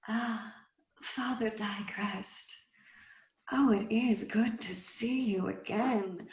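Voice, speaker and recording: A woman's voice: on the high side, darkish tone, roomy sound, pitched above the performer's own voice. A woman voicing a sly, winged female demon who teases and mocks in a tabletop game. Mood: teasing. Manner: teasing, mocking, drawn-out.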